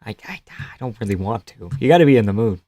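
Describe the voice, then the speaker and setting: A man's voice: fairly low pitch, animated, quick pace, mellow, no room sound, clean studio sound. A young man hosting a casual live stream, laughing often and swearing easily as he reacts to the chat.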